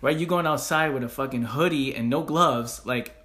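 A man hosting a motivational podcast, animated and slangy, often laughing. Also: medium pitch, moderate pace. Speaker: podcast host.

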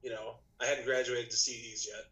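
A man chatting as a podcast guest, telling a long story in a loose, rambling way. He restarts sentences often and leans on fillers. His voice is a little rough today. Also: medium pitch, little pitch movement, brisk, pushed and bright, rough recording. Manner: rambling, many restarts and "you know". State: slightly rough voice, clearing throat. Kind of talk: casual storytelling chat.

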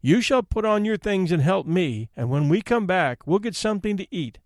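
A man voicing a kindly mother giving gentle instructions in a storybook reading. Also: high voice, animated, moderate pace, no echo, clean studio sound.

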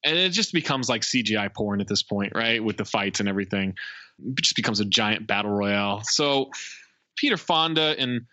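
An opinionated man hosting a casual movie podcast, with a bright voice and lively, animated delivery. The recording sounds dull and dry, with the top end muffled. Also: lowish voice, moderate pace, dry recording. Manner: emphatic, opinionated, laughs often. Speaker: podcast host. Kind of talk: casual movie review chat.

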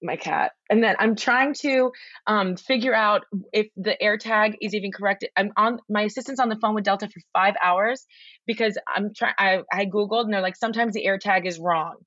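A woman as a podcast guest, telling a long story in a rambling, excitable way with lots of swearing and restarts, over a remote call. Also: medium pitch, moderate pace, no echo, lo-fi sound. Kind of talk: casual storytelling chat.

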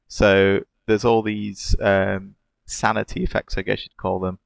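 A man's voice: on the low side, level tone, measured pace, vocal fry, no echo. A man, co-hosting a casual games podcast, talking with enthusiasm and laughing often. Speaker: podcast co-host discussing games. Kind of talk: casual chat.

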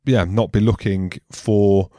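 A man's voice: on the low side, steady tone, slow, dark tone, dry recording, studio quality. A man in his thirties co-hosting a rugby podcast, chatty and jokey, laughing easily. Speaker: podcast co-host. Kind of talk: casual chat.

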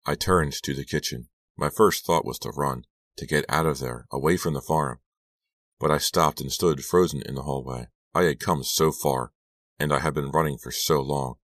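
A man reading an audiobook aloud as first-person narration, steady and measured. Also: very deep voice, dry recording. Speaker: audiobook reader.

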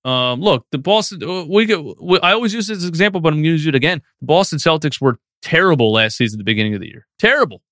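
A man's voice: fairly high pitch, expressive, fast talker, few pauses, fairly bright tone, no echo, clean studio sound. A man hosting a live post-game sports stream, reading chat questions and ranting with feeling. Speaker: sports podcast host.

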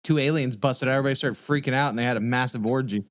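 A man's voice: mid-range voice, very fast, no room sound. A man co-hosting a podcast in casual chat, giggling often and cracking crude jokes. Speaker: podcast co-host.

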